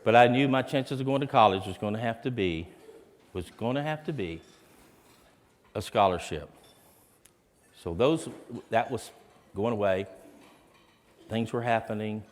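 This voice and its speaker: Unhurried and animated, a low-voiced man pauses often while telling educators his heartfelt, dramatic story of motivation. He is at an educators' event, and the large hall lends a long reverb.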